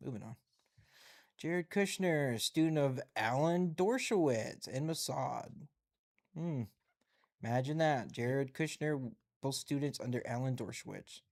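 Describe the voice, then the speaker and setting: A man's voice: mid-range voice, a little slow. A man hosting a casual live stream with a mid-range voice. He rambles through headlines, reading them aloud and musing on each one in an easygoing, conversational way.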